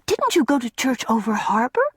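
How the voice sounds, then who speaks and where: A woman reading an audiobook voices a gentle, timid young girl who speaks in soft, hushed tones. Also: fairly high pitch, very animated, moderate pace, breathy edge, no echo, clean studio sound, pitched above the performer's own voice.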